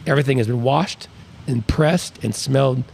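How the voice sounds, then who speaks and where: A man's voice: medium pitch, moderate pace, gravelly, a little mellow, a little hiss or hum. A middle-aged man co-hosting a podcast, telling crude, rambling anecdotes in a casual way. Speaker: podcast co-host. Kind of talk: casual storytelling chat.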